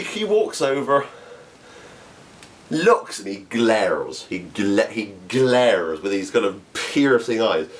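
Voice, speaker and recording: Young English man, amateur stand-up; animated delivery with lively pitch, quick laughs, restarts. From England. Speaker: amateur comedian. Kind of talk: storytelling comedy monologue.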